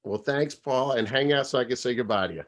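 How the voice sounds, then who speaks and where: A man's voice: mid-range voice, fast, fairly bright tone. A man hosting an interview, keeping his remarks short and upbeat. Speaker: radio show host. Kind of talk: casual interview chat.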